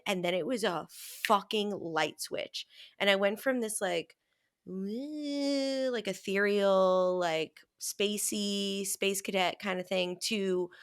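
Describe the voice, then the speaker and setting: Gravelly woman telling stories animatedly. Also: mid-range voice. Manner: animated storytelling, acts out her own quotes, swears casually. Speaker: podcast co-host. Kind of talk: casual chat.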